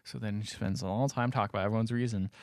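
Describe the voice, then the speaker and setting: A man's voice: on the low side, very fast, no echo, clean studio sound. A man co-hosting a podcast, casually retelling a film's plot with laughs and acted-out lines. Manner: animated, laughing, acts out characters' lines. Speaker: podcast co-host.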